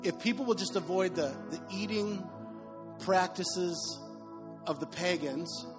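A middle-aged male pastor preaching a sermon in an animated, conversational way with joking asides. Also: sits high, unhurried. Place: church sanctuary. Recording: reverberant hall with faint music.

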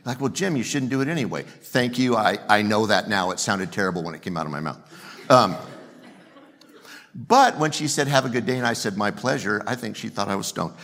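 A man's voice: lowish voice, normal speed, a bit bright. A male pastor preaching a sermon in a conversational, self-deprecating way, joking with the congregation.

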